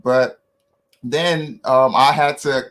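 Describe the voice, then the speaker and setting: A man's voice: mid-range voice, steady tone, slow, fairly bright tone. A man with a Ghanaian accent telling stories in an online panel, often adding "right?" and laughing while he talks. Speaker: panel guest. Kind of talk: storytelling in an online panel talk. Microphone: video call.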